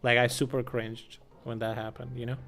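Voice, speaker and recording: A man's voice: mid-range voice, flat delivery, moderate pace, vocal fry, fairly bright tone. A young man ranting sarcastically and with lots of swearing while commenting on a live stream.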